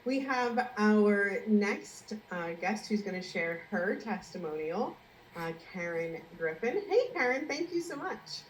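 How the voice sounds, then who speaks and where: A woman's voice: medium pitch, lively intonation, measured pace, echoey room, a little hiss or hum, rough recording. A woman hosting a live online session, enthusiastic and encouraging toward her guests. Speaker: host.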